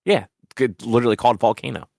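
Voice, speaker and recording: A man's voice: mid-range voice, fast talker, creaky, a little mellow, no room sound, studio quality. A man co-hosting a podcast, chiming in offhand with facts he looks up. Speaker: podcast co-host. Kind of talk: casual chat.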